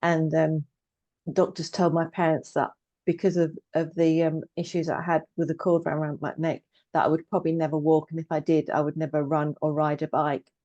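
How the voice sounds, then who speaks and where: A woman's voice: sits low, flat delivery, a little fast, warm tone, dry recording, lo-fi sound. A woman in her fifties, a trauma coach, telling her life story candidly in a conversation, with touches of dry humour. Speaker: guest, trauma coach and therapist. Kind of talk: personal story in casual conversation.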